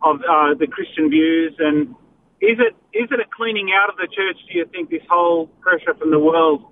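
A man calls in to a radio show, feeling his way through his question with many pauses. He comes through a tinny phone line with a faint hiss underneath, and his voice sits fairly high. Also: animated. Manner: hesitant, lots of uh and um. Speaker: caller. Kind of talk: call-in radio talk.

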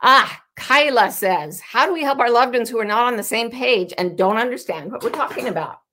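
A woman's voice: a little high, animated, brisk, bright, forceful tone, a little hiss or hum. A woman hosting her weekly show, talking casually and intimately to her audience about awakening. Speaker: host. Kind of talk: casual spoken reflection to an online audience.

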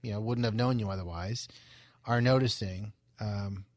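A man's voice: on the low side, fairly even intonation, moderate pace, no room sound. A male radio talk show host, reading station promos and responding to his guest with brief affirmations. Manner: affirming, brief interjections, warm-up reads. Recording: dry studio with faint music bed.

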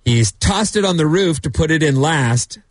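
A man's voice: fairly high pitch, expressive, normal speed, dry recording, studio quality. A male radio host telling stories in chatty morning show banter, playful and loose.

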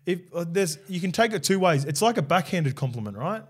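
A man's voice: high voice, very animated, brisk, slightly rough. An Australian man co-hosting a casual podcast chat, easygoing and prompting his co-host, with hesitant restarts.

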